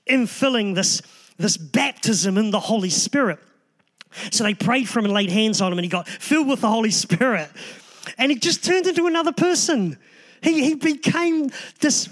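A man preaching a sermon in a loose, conversational way, restarting phrases and adding asides to the congregation. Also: high voice. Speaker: pastor.

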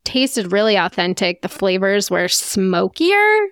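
A woman co-hosting a podcast in a casual chat, chatty and quick to laugh. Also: mid-range voice, sing-song, a bit bright, clear, resonant tone, dry recording, studio quality. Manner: chatty, laughs often, playful asides. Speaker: podcast co-host.

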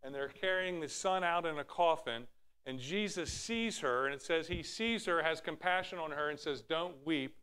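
Animated man preaching a sermon. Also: on the high side, normal speed, clean tone. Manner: animated preaching, acts out Bible quotes in raised voices. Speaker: pastor.

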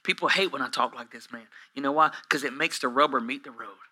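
A man around forty preaching a sermon to a congregation in a church, swinging from hushed asides to shouted peaks, with humorous self-deprecating stories. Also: medium pitch, quick pace, breathy edge, poor audio. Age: 40s. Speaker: pastor. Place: church hall with a live congregation.

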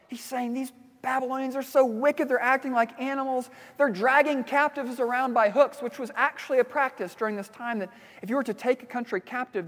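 A man preaching a sermon as pastor, telling a personal story in a relaxed, conversational way with fillers and restarts. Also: extremely high pitch, long reverb tail.

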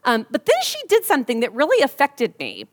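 A woman delivers a sermon in a fairly high voice. She tells a personal story with humor and slips into lively voices when she quotes people. She sounds like she is in her thirties. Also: a little fast. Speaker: pastor.

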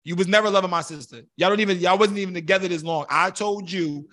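A man's voice: sits high, quick pace, fairly bright tone. A man co-hosting a podcast in casual chat, lecturing his friends and peppering his talk with "yo". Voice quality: lectures, repeats "yo" and "bro". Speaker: podcast co-host.

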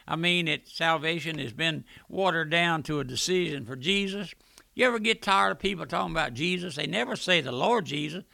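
Older male radio preacher, high gravelly voice, bright and dry, folksy and earnest. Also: no echo. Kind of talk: radio sermon. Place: radio studio.

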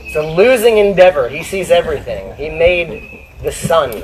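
A man preaching a sermon, talking casually to his church and slowing down to read scripture aloud. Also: a little high, lively intonation, a crowd in the background, poor audio. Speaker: pastor.

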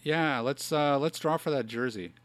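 A man co-hosting a casual podcast, talking in an earnest, relaxed way full of filler phrases. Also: medium pitch, moderate pace. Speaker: podcast co-host. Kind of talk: casual chat.

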